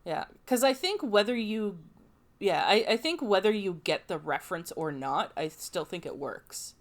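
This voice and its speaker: A woman's voice: mid-range voice, lively intonation, moderate pace. A woman co-hosting a podcast in casual chat, agreeable and often chiming in with short replies. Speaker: podcast co-host.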